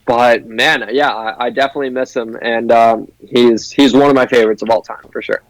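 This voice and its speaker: A man's voice: mid-range voice, steady tone, fairly quick, rough recording. A young man, a broadcasting student, talking eagerly as an interview guest, with restarts and "like". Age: young adult. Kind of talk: casual interview chat.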